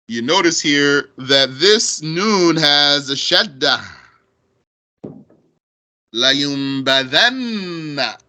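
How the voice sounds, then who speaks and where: Slow, bright-voiced male grammar teacher. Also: a little high. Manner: slow, deliberate, repeats terms and asks rhetorical questions. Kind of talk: explaining grammar on a recorded lesson.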